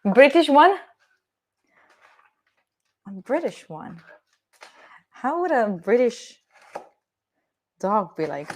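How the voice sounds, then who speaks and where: A woman's voice: fairly high pitch, sing-song, very slow, long pauses, darkish tone. A young woman with an Italian accent, chatting casually and playfully with her live-stream viewers while she cooks at home, swearing now and then. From Italy. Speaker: livestreamer. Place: home kitchen with door open.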